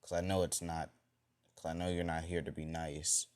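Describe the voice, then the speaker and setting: A bitter, banished teenage boy ninja who answers in curt, clipped lines, as a low-voiced man reads him out. He sounds deep and plain, a storyteller's take on an angry outcast from a fan story. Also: little pitch movement, normal speed, darkish tone.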